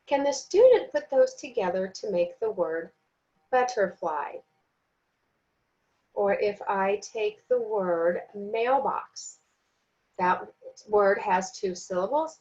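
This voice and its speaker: Woman, training lesson, fairly high pitch, deliberate pace, sounds out syllables, slightly dull recording. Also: lively intonation, warm tone. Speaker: teacher trainer.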